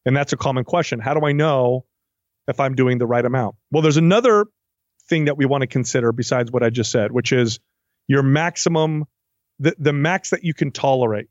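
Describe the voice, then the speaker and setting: Speaking a little fast with a medium-pitched voice, a man who works as a fitness trainer chats casually in an interview. The lo-fi recording has no echo, and he animatedly performs his clients' lines.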